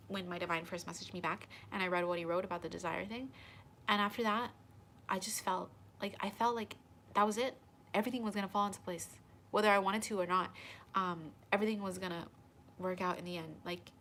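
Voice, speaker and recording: A woman hosting a tarot channel, telling viewers a personal story in an animated, dramatic way with lots of fillers. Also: medium pitch, a little hiss or hum.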